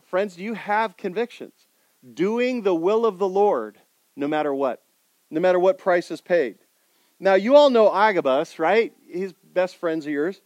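A man preaching a sermon, putting rhetorical questions to his congregation and swinging between loud emphasis and quiet intensity. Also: sits high, lively intonation, unhurried, no room sound, highs cut off. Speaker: pastor.

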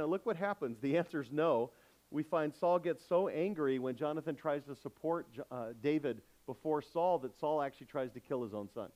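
Male pastor preaching, kinda high voice, keeps throwing questions at the crowd. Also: low-quality recording. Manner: calls out questions to the congregation, lively and emphatic. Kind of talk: sermon.

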